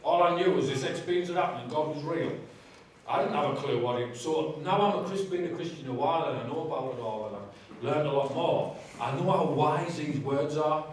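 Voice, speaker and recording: Man, candid testimony, conversational, humorous, faint background noise, booming hall echo. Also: brisk. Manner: candid, conversational storytelling with humour. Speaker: guest speaker giving testimony. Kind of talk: personal testimony in a church. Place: large church hall. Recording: very echoey hall, distant mic.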